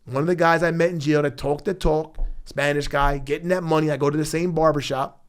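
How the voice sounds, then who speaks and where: A man from South Philadelphia, in his fifties, with a strong Philadelphia accent, sits in a podcast studio and tells his story as the guest. His voice sits fairly high for a man. He talks blunt and profane street talk and keeps slipping into the voices of people from his past. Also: fairly even intonation, brisk, clean tone. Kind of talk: storytelling interview.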